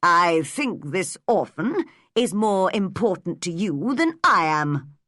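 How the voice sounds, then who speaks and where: A meddling older village gossip from a storybook reading, as a woman narrator puts her on, blunt and disapproving. Her pitch rises and falls a lot, and she speaks slowly. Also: sing-song, fairly bright tone, no room sound, clean studio sound, heavily acted.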